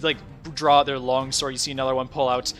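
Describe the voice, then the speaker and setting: Bright-voiced man narrating a tabletop game. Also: mid-range voice, level tone, brisk, faint music behind. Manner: rambling, filler-heavy, laughing asides. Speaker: game master.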